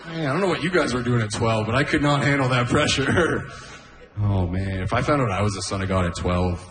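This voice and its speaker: A man's voice: medium pitch, a little fast, a bit bright. Man doing stand-up, echoey club. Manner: laughs at his own jokes, many "oh, man" asides. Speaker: stand-up comedian. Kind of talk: stand-up comedy set. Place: comedy club stage with a laughing audience.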